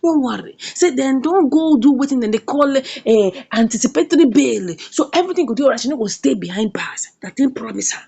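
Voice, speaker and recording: A woman with a Nigerian accent, casually recapping a story and acting out the characters' lines in an animated way. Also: high voice, fairly quick, creaky, hardly any pauses, husky. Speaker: film reviewer.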